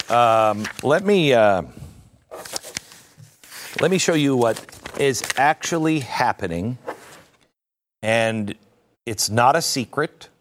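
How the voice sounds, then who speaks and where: A man's voice: on the low side, a little hiss or hum. A middle-aged man hosting an opinion talk show, speaking in a sardonic, conversational way with self-mocking asides. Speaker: host.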